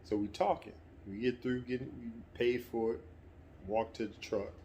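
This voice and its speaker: A middle-aged man telling a personal story in a relaxed, conversational way, sometimes getting animated. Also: mid-range voice, moderate pace, a little hiss or hum. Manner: relaxed, conversational, breaks into animated quoted voices. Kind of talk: casual spoken anecdote.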